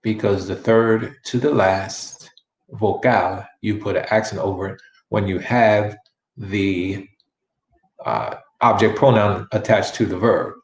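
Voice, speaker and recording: A man's voice: on the low side, slow pace. Chatty man teaching Spanish, echoey room. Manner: chatty, repeats phrases many times for practice. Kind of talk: live-streamed language lesson.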